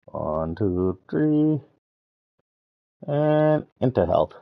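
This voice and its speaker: A Canadian man live-streams a game, chatting playfully while humming and taunting himself. His fairly low, gravelly voice has a sing-song lilt and drawn-out words, and it's casual gameplay commentary captured with dull, lo-fi sound.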